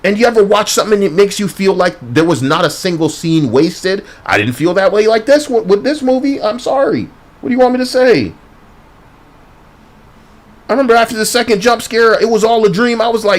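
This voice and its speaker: A man tears into a film in a heated, foul-mouthed rant full of sarcasm. His voice sits a touch high and leaps all over the place as he vents. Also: animated, a little fast. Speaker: movie reviewer. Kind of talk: ranting movie review.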